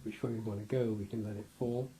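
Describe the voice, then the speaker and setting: A man's voice: on the low side, steady tone, fast talker, dark tone, slight background noise. A man giving a loose, rambling interview, restarting his sentences and acting out little scenes with laughter.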